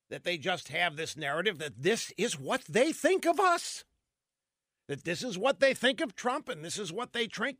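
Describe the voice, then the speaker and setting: A man's voice: sits high, a bit bright, no echo, clean studio sound. A man hosting a talk show, delivering a combative, opinionated monologue full of rhetorical questions. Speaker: radio talk host.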